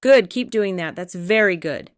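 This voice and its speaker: A quietly terrifying crime boss in his thirties with a Korean accent, as a woman reads him, his voice controlled and measured. The tone is smooth and clear, with a dry, close sound. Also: medium pitch, expressive, dry recording, lightly acted. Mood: gentle.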